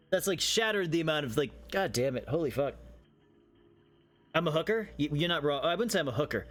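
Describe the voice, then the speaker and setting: Excitable young man streaming a game. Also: fairly high pitch. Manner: excitable, swears a lot, laughs often. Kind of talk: casual live-stream chat.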